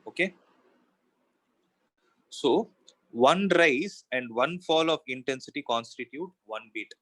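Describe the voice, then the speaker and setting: A man's voice: medium pitch, expressive, slow, a bit bright, rough recording. Man, physics teacher, classroom lecture, rhetorical questions, step-by-step explaining.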